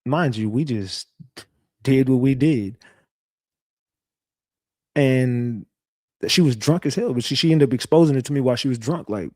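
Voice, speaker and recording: A man's voice: mid-range voice, animated, normal speed, long pauses, a little mellow, no room sound, studio quality. A man hosting his own online show, telling stories to his viewers in a casual, profane, rambling way. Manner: profane, rambling, conversational storytelling.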